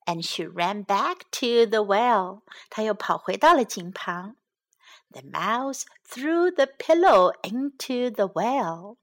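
A woman reading a children's storybook aloud and teaching from it, in a slow, gentle and expressive way. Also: medium pitch.

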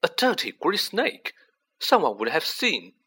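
A man reading aloud, voicing an excitable teenage boy who fires off anxious, eager questions. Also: fairly high pitch, a little slow, breathy edge, pitched above the performer's own voice, heavily acted.

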